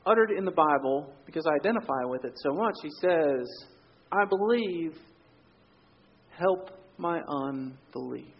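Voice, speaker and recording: Man, pastor, conversational sermon, husky, dull muffled recording. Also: high-pitched. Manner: conversational storytelling, drops to quiet for emphasis.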